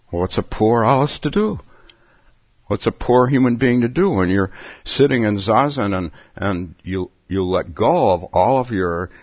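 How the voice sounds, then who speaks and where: A man's voice: lowish voice, husky, dry recording, muffled recording. A man giving a reflective Zen dharma talk, musing aloud and chuckling between thoughts. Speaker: Zen teacher.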